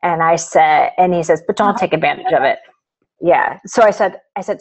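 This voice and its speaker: A woman's voice: deep voice, moderate pace, poor audio. A middle-aged woman, an author guest in a live video interview, telling a personal story with lots of quoted dialogue.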